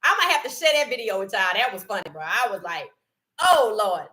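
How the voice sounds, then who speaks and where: A woman hosting a live sports stream in casual chat, animated and laughing often as she greets viewers in the chat by name and speaks. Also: mid-range voice, a little fast. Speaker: livestream sports host.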